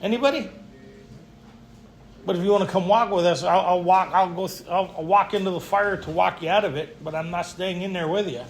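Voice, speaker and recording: A man's voice: high voice, fairly quick, slight background noise. A man speaking to a retreat group, telling blunt, joking stories and peppering them with rhetorical questions. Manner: lively storytelling, frequent rhetorical "right?"; blunt, joking tough-guy humor. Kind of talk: recovery talk to a live group. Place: retreat meeting room.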